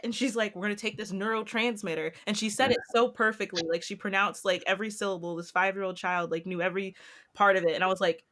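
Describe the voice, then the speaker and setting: A young woman co-hosting a casual podcast, telling a funny family story and acting out the quotes in a high, animated voice. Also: fast. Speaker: podcast co-host.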